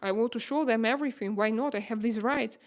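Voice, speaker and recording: A woman in her thirties from Russia, speaking English with a Russian accent as a livestream host, emotional and pleading, halting often to find words. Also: a little high. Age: 30s. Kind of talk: casual livestream chat.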